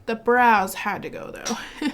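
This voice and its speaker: A woman hosting her own gaming channel, chatting casually over gameplay in an excitable way and laughing often. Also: on the high side, takes it slowly, slight background noise.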